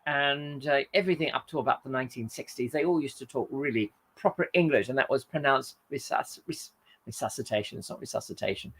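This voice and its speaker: Speaking a little fast in a medium-pitched, fairly bright voice, a man chats casually on his live stream. He reads out what viewers write, rambling as he goes. Fillers and mid-sentence self-corrections come up often.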